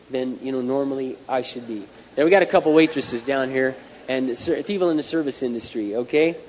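A male pastor preaching a sermon, telling lively stories and counting off numbered points. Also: mid-range voice. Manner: animated storytelling, numbered points. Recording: dull echoey hall recording, faint hiss.

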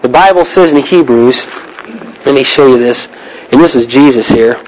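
A man's voice: mid-range voice, moderate pace, a little hiss or hum, low-quality recording. A man preaching a sermon in an earnest, emphatic way, asking the listeners pointed questions.

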